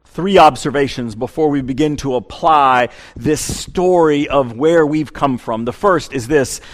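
A pastor giving a sermon and reading scripture. He is animated and repeats words as he speaks. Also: medium pitch, measured pace.

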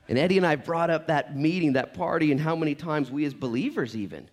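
Lively, joking man preaching a sermon. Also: high-pitched, fast, few pauses. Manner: animated, joking, storytelling with repeated words. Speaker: pastor. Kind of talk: conversational sermon.

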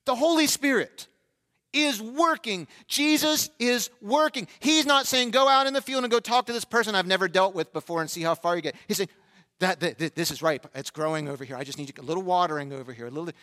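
A man's voice: high-pitched, fast talker. A middle-aged male pastor preaching a sermon, telling funny stories and acting out the voices of the people in them. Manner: animated, acts out quoted voices, humorous asides. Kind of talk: sermon with storytelling.

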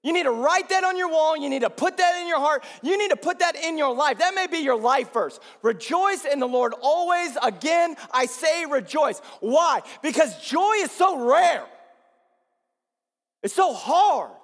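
A male pastor preaching a sermon, swinging between loud rises and low, quiet drops. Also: lively intonation, a little slow. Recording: long hall reverb.

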